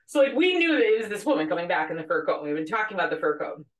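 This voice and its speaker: A woman co-hosting a podcast, a former labor and delivery nurse telling a story in animated, casual chat full of fillers and laughter. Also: on the low side, very fast, distant mic. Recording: echoey room, voice a bit off-mic.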